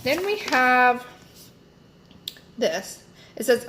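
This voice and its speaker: A woman's voice: a little high, unhurried, a little hiss or hum. A young woman chatting casually as she unboxes beauty products, rambling with lots of fillers and self-corrections. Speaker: beauty vlogger.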